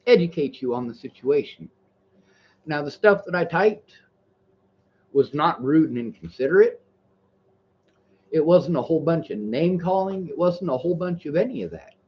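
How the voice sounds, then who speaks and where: A man's voice: on the high side, animated, normal speed, pauses often, slightly rough, lo-fi sound. A man livestreaming, reading viewer messages and lecturing in a heated, profane rant.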